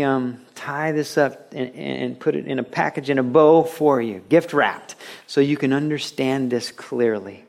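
A man preaching a radio sermon, earnest and conversational, dropping low and soft, then rising into lively storytelling. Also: gravelly. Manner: earnest and conversational, with repeated restarts; swings between a quiet, intimate tone and lively, raised storytelling. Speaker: pastor.

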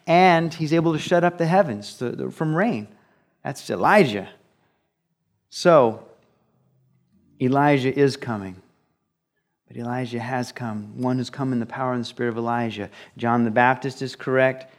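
A man's voice: mid-range voice, normal speed. A man preaching a conversational sermon, explaining scripture with rhetorical questions and acted-out quotes. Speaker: pastor. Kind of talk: expository sermon.

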